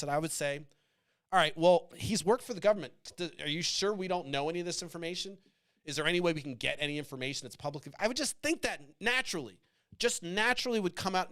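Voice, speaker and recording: A man's voice: on the high side, a bit bright, smooth. A man hosting a political talk show, ranting bluntly with lots of swearing, restarts and rhetorical questions. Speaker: podcast host. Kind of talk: profane opinionated commentary.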